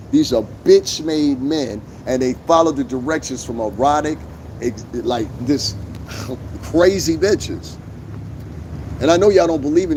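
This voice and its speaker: A man's voice: on the high side, mellow, a little hiss or hum. Blunt, cursing man ranting outdoors. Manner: blunt, swearing, repeats his points for emphasis. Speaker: YouTube streamer. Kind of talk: profane live-stream rant. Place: outdoors on a lawn.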